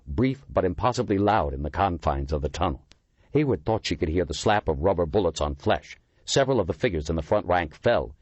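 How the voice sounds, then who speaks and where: A man's voice: sits low, no room sound. A man reading an audiobook as its narrator, telling the story dramatically.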